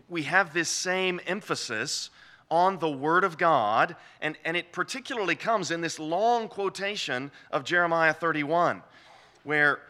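A man lectures on scripture in a measured, explanatory way, often restarting his phrases. His voice sits slightly high and rings brightly. He moves through the text step by step. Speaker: Bible teacher.

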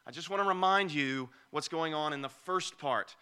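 A man delivering an expository sermon in a bright, forceful voice set a little high. He preaches emphatically, rising loud on key lines and sinking to a low murmur for asides. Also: normal speed, smooth. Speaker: pastor.

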